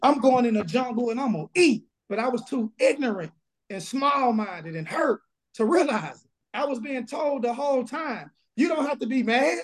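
Man, Southern pastor, high-pitched, emphatic and blunt, remote interview. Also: animated, normal speed. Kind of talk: casual interview, preaching energy. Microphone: video call.

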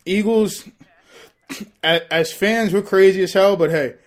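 Excitable guest dude, keeps saying bro, pretty high-pitched. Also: male voice, unhurried. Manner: excitable, laughs often, says bro a lot. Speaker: podcast guest. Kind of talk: casual chat.

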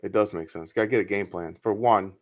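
A man's voice: fairly low pitch, quick pace. A man chatting casually and swearing a lot as he comments on a film he is watching with friends. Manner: profane, animated commentary on a film. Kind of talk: casual reaction chat.

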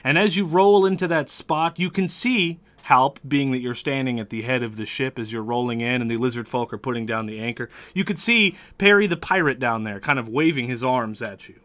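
A man's voice: mid-range voice, brisk, hardly any pauses, a bit bright. A man narrating a tabletop game as game master, in a loose, chatty way with frequent restarts.

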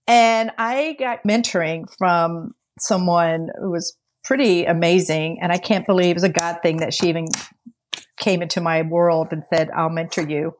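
Animated woman telling a story. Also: fairly low pitch, moderate pace. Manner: animated storytelling, acts out quoted dialogue; laughs often mid-sentence. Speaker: podcast co-host. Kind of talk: casual podcast conversation.

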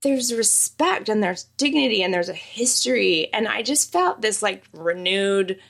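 A young adult woman from Utah hosting a podcast, chatting in a gushing, animated way. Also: medium pitch, a little slow, creaky. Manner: animated, gushing, acts out voices in stories. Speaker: podcast host. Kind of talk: casual chat.

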